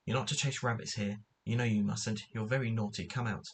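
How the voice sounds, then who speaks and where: A man's voice: on the low side, fairly even intonation, fairly quick, a little hiss or hum, natural voice. A man reading the lines of a fierce young tomboy girl who loves her dog, in a raised, urgent voice from a storybook. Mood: scolding.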